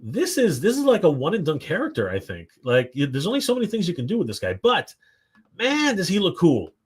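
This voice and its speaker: A man hosting a live stream, rambling excitedly with lots of fillers and restarts. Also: fairly high pitch, fairly quick, husky. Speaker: toy show host. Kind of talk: casual live-stream commentary.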